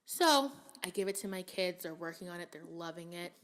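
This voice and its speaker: A woman's voice: lowish voice, fairly quick. A young woman teacher co-hosting a podcast, telling classroom stories with lots of laughter and self-quoting. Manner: animated storytelling, quoting herself in a raised voice, laughing often. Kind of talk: casual podcast chat.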